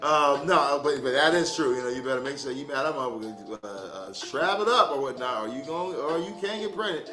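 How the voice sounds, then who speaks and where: A man's voice: medium pitch, lively intonation, a little fast, hardly any pauses. A man giving a casual livestream tarot reading, loose and profane, joking and laughing easily. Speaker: tarot card reader. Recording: echoey room with music.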